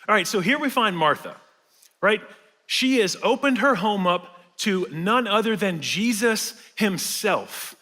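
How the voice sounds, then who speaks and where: A man's voice: high voice, animated, measured pace, pushed and bright. A man preaching a casual, conversational sermon with fillers and light humor. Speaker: pastor. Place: large church hall. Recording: reverberant church sanctuary.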